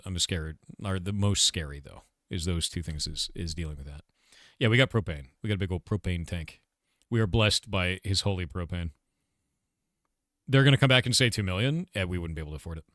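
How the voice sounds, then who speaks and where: A man's voice: low voice, lively intonation, fairly quick, a bit bright, no room sound, studio quality. A man casually chatting with his livestream audience, rambling and blunt, swearing now and then. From United States. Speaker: streamer and game developer.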